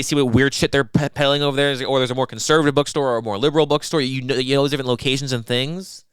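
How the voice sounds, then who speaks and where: Fast-talking young man, smooth dry voice. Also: medium pitch, a bit bright, no echo. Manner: rambling, profane, mimics people in quoted voices. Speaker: podcast co-host. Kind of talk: casual podcast chat.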